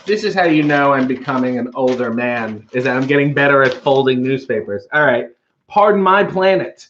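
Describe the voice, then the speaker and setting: A man's voice: medium pitch, expressive, moderate pace, fairly bright tone, lo-fi sound, a little hiss or hum. A man hosting a casual comedic stream, reading chat comments and comics aloud with dry, offhand joking asides. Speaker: streaming show host.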